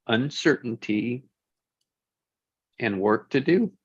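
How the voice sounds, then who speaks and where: A man in a casual group chat, reflective and measured, laying out his thoughts in lists. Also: mid-range voice, lively intonation, husky, no room sound. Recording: dull lo-fi dry sound.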